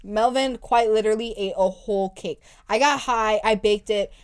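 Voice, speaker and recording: A young woman co-hosting a podcast, telling a story in casual chat with animated, profane ranting. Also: medium pitch, moderate pace, smooth. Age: young adult. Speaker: podcast co-host.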